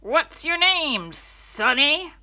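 A woman voicing a loud, teasing, scruffy male bus driver in a children's storybook, booming and mocking. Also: huge pitch swings, unhurried, heavily acted.

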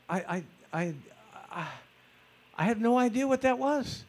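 A man telling personal stories in a lecture, conversational and animated, acting out footsteps with vocal sounds. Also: very high-pitched, a little slow. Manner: conversational, with fillers and repeated starts. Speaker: speaker recounting personal stories. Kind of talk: storytelling lecture.

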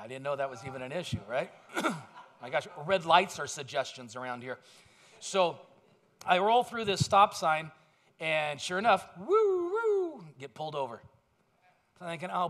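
A man's voice: on the high side, a bit bright. A man pastor giving a sermon in a conversational storytelling way, with self-deprecating asides.

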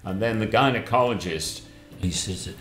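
An older man telling rambling anecdotes in a plummy way, often bursting into animated voices. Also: lowish voice, moderate pace. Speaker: guest, father of the host. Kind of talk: anecdotal storytelling chat. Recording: roomy with faint music.

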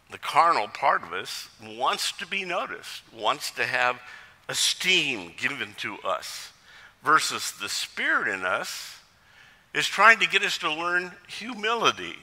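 A man's voice: medium pitch, big-room sound. A male pastor preaching a sermon in a church, telling jokes and stories along the way. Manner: lively storytelling with jokes.

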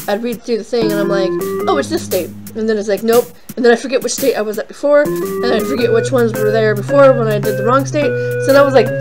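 A young woman hosts a casual let's play of a game, rambling and self-deprecating with lots of fillers. Her voice is mid-range, and the audio is poor.

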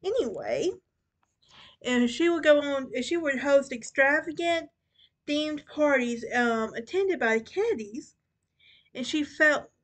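A woman's voice: sits high, slow pace. A young woman hosting a casual true crime podcast, chatty and often stumbling and restarting over names. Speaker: podcast host.

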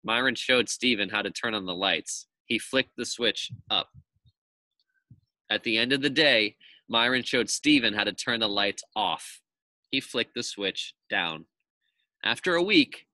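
A man, a teacher, reading a children's chapter book aloud to his class in a lively, expressive storytelling manner. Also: medium pitch, measured pace, no room sound.

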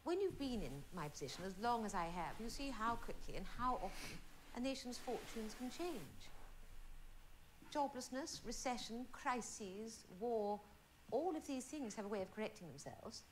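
An actress playing a composed, dignified older queen who speaks in a measured, formal way in a television drama. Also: fairly high pitch, lively intonation, a little hiss or hum, close to an everyday voice, poor audio.

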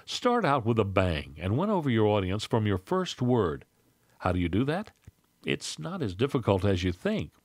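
A man reading a scripted lesson on public speaking in a measured, instructive way. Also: on the low side, huge pitch swings, dry recording.

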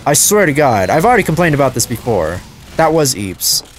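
A man giving live gameplay commentary as a channel host, excitable and prone to loud frustrated outbursts and swearing. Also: mid-range voice, moderate pace, a little hiss or hum.

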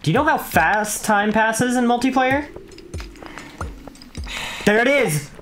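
A woman's voice: a little high, lively intonation, slow, faint music behind. A young woman playing a co-op game with a friend, talking casually and exclaiming at what happens on screen. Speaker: gaming YouTuber. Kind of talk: casual gameplay chat.

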